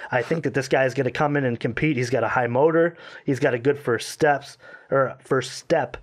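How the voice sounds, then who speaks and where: A man co-hosting a casual sports podcast, talking in a rambling, animated way and often correcting himself. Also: mid-range voice, moderate pace. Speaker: podcast co-host.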